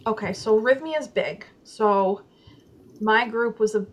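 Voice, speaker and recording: A woman's voice: a little high, measured pace, a little hiss or hum, rough recording. A woman guest in a casual interview, candidly telling a personal story and acting out her own inner voices, with many "like" fillers. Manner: frequent "like" fillers.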